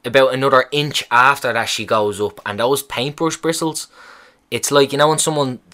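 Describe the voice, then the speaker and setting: A young man casually retelling a hospital visit, swearing and rambling, animated in the telling. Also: medium pitch, moderate pace. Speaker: vlogger. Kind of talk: casual storytelling chat.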